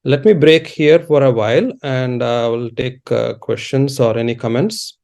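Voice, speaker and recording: A man giving an online spiritual lecture as a teacher, explaining in a measured, unhurried way with pauses, over a video call. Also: medium pitch, gravelly, darkish tone. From India. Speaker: teacher of Sanskrit and dharma.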